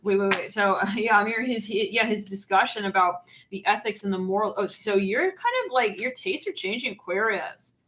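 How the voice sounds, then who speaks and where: A woman's voice: mid-range voice, brisk, hardly any pauses, fairly bright tone. A woman giving a casual channeled tarot reading, rambling with lots of fillers and frequent giggles. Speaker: tarot reader.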